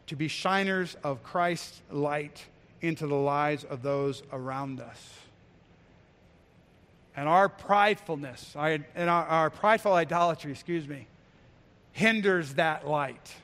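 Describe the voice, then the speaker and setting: A man's voice: fairly high pitch, slow pace, a bit bright. A man preaching a sermon as a pastor, earnest and exhortative, with frequent restarts and emphatic repetition. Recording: long hall reverb.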